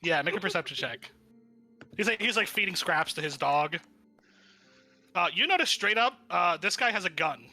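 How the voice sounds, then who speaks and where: Man game master, tabletop game, rambling narration, bright, fairly high voice. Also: animated, moderate pace, long pauses, soft background music. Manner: rambling, lots of fillers and restarts.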